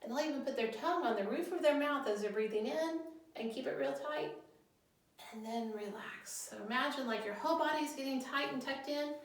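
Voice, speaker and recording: A woman school counselor giving a guidance lesson to children, gently leading breathing exercises step by step. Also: sits high, a little fast, far from the mic. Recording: echoey room, voice set back from the mic.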